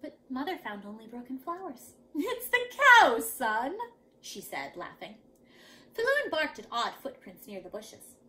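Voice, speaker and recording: A woman reading a picture book aloud to young children, dramatic and lively. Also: a little high, moderate pace, a little hiss or hum. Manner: animated, dramatic. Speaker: children's storyteller.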